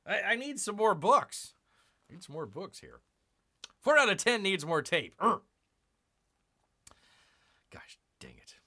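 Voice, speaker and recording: A man's voice: sits high, very animated, normal speed, sharp tone. A man hosting a casual live stream, rambling and self-mocking as he unboxes comics and reads chat, calling himself Bear.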